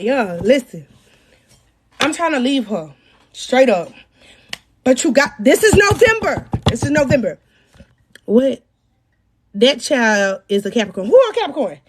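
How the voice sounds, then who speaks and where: Woman, high voice, blunt and profane, storytime vlog. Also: slight background noise. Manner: blunt, profane, dramatic retelling with shouts.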